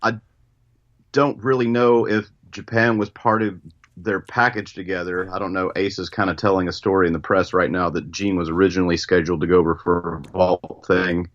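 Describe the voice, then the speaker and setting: A man calling in as a guest musician, talking in a relaxed, easygoing way with a lot of hedging. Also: deep voice, fairly quick. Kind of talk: casual interview chat. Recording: dull phone-line call.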